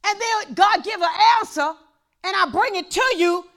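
A woman pastor preaching a sermon in a church, impassioned and repetitive, dropping to a hush and then rising to shouts. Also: extremely high pitch, moderate pace. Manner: impassioned, repeats phrases, swings from hushed to shouting.

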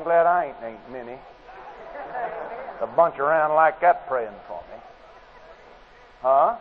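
A man's voice: high-pitched, moderate pace, pauses often. A man preaching a sermon at a convention, a folksy, plain-spoken storyteller. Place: convention hall. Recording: tinny lo-fi tape with faint hiss.

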